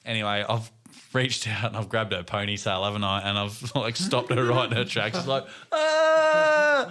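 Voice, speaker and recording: A man's voice: lowish voice, fairly even intonation, brisk, pushed and bright. An Australian man in his thirties chatting on a podcast, making dry jokes and telling stories about his children. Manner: dry, wry jokes and asides. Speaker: podcast co-host. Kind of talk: casual chat.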